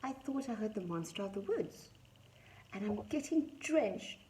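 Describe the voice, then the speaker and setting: A woman's voice: mid-range voice, very animated, measured pace, a little mellow, a little hiss or hum, pitched above the performer's own voice. A woman voicing a frightened small rabbit in a children's storybook, pleading in a raised, anxious voice.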